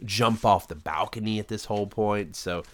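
A man with a fairly low voice talks through an episode recap in an easygoing, rambling way. His delivery is casual podcast chat, loose and full of small fillers. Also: moderate pace. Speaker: podcast co-host.

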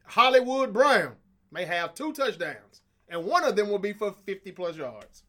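Co-host man, slightly high voice, cocky trash talker. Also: sing-song, normal speed, bright, forceful tone. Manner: confident, boastful trash talk. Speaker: podcast co-host. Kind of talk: casual sports chat.

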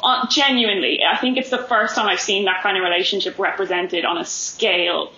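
Woman, animated film chat, bright sharp voice, swears a lot, echoey lo-fi room. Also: mid-range voice, fairly quick. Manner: animated, swears freely, acts out quotes. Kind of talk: casual film discussion. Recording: echoey, dull lo-fi sound.

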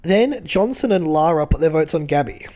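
A man's voice: fairly high pitch, lively intonation, normal speed, darkish tone. A man in casual chat, co-hosting and recapping a reality show with joking, detailed storytelling. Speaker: podcast co-host.

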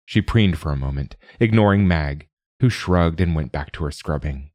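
A man narrates a fairy tale in a very deep, low voice. His reading is calm and even, and the recording is dry and close with no room echo. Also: moderate pace. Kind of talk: scripted storybook narration.

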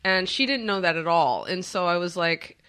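A woman in casual podcast chat, telling stories in an animated way, full of fillers. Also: lowish voice, normal speed.

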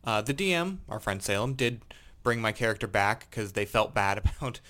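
A man's voice: on the low side, expressive, normal speed, bright, forceful tone. Rambling laid-back podcast guy. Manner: rambling storyteller, self-correcting, laughs at own jokes. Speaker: podcast co-host. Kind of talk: casual chat about tabletop gaming.

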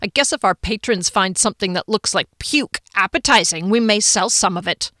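A woman's voice: mid-range voice, expressive, normal speed, bright, forceful tone, no echo, clean studio sound. A woman voicing a snobbish male coworker who speaks with a contemptuous sneer in an audiobook. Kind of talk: audiobook character voice.

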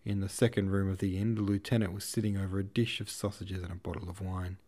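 Man, audiobook narration, low voice, mellow tone, steady measured reading. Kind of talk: novel reading.

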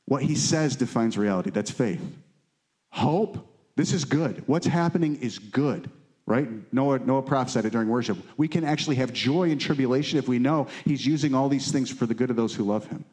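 Speaking at a moderate pace in a slightly mellow, mid-range voice, a married pastor delivers a sermon to his congregation. He keeps it conversational, often adding "right?" to check in with the people listening.

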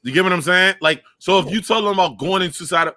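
A man's voice: high voice, quick pace, pushed and bright, no echo, clean studio sound. A man co-hosting a podcast, brash and profane, pushing back hard in a casual argument. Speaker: podcast co-host. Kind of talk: casual heated podcast debate.

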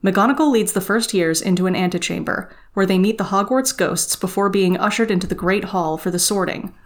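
A woman co-hosting a podcast, reading a novel passage aloud and summarizing the chapter in a steady, expressive way. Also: medium pitch, fairly quick. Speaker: podcast co-host.

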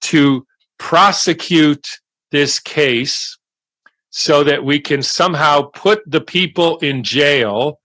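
An older man delivering a slow, deliberate monologue of commentary. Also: a little high, pushed and bright, no echo.

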